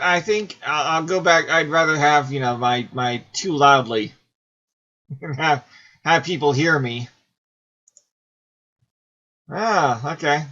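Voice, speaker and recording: Rambling man in his forties, bright tone. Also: on the high side, highs cut off. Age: 40s. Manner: rambling, self-deprecating, laughs often. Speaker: host. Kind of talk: casual commentary while playing a game.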